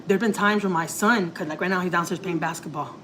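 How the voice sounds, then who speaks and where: A woman's voice: on the low side, fast, fairly bright tone, a little hiss or hum, rough recording. Rambling, confiding woman vlogger. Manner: rambling, heavy use of filler words like "like" and "you know"; emotional, confiding. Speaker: family vlogger. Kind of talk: casual storytelling to camera.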